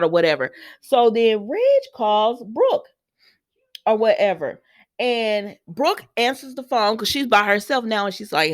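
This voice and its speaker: A woman's voice: mid-range voice, moderate pace. A woman vlogger casually recapping a soap opera episode, acting out the characters' lines and talking back to them. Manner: chatty, animated, acts out characters' lines, talks back to them.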